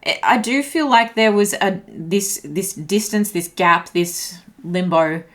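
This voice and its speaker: A tarot reader with a medium-pitched voice speaks slowly through an intuitive reading. She sounds slightly breathless and shaky, musing and hunting for words as she turns the cards.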